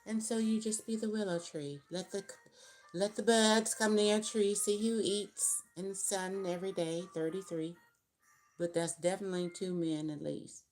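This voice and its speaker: A woman's voice: medium pitch, fairly even intonation, normal speed, darkish tone, faint music behind. A woman giving a casual tarot reading to viewers, musing and thinking aloud as she counts out cards. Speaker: tarot reader.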